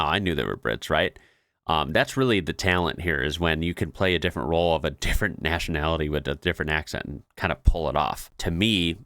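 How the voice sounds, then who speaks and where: Reaction host: low-pitched American guy, easygoing and chatty, dry close sound. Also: a bit bright, no echo. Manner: chatty, laughs often, many fillers. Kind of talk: casual reaction commentary.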